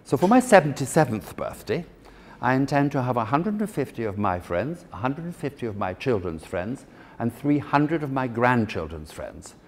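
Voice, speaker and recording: A man voicing a grand, imperious German woman of seventy-seven with a put-on German accent, speaking in a haughty, deliberate way. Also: medium pitch, sing-song, long reverb tail, slight background noise.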